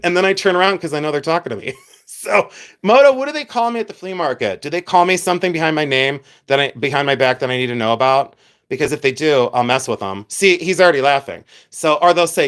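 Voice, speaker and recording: A man's voice: on the high side, animated, fairly quick, fairly bright tone. A middle-aged man from Ohio hosting a live stream, chatting casually with viewers, laughing often and poking fun at himself. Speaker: livestream host.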